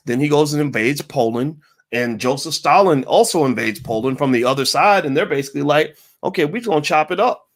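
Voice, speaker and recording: A man hosting a casual livestream, answering viewer questions in an emphatic, animated way with mocking asides. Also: fairly high pitch.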